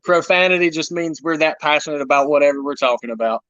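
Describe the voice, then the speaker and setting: A man being interviewed, telling animated wrestling-road stories in casual chat with playful humor. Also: fairly high pitch, quick pace, no echo. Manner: animated storyteller, self-deprecating humor. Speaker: wrestler guest. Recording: dull lo-fi dry sound.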